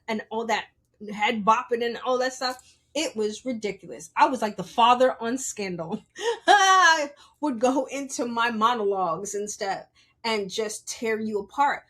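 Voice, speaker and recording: A woman's voice: fairly high pitch, a bit bright. A woman guesting on a podcast, telling candid stories about herself in a blunt, profane, playful way and acting out quoted people with big jumps in her voice. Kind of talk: candid conversational storytelling.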